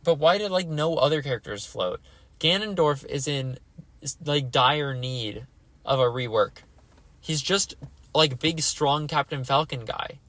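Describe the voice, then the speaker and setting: A man's voice: on the high side, measured pace, fairly bright tone, dry recording. A young man hosting a casual solo podcast, rambling and exasperated, filling his talk with "like". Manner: rambling, exasperated, heavy use of "like". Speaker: podcast host.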